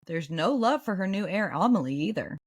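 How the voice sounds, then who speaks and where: Animated woman reading a book recap. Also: on the low side, brisk, slightly rough. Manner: animated, swings between reading and excited reactions. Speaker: podcast host.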